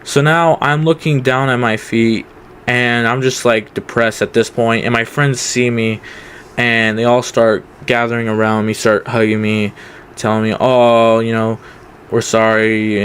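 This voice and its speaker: A man's voice: mid-range voice, level tone, normal speed, a bit bright, a little hiss or hum. A young man telling a casual storytime, rambling with many fillers. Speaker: vlogger.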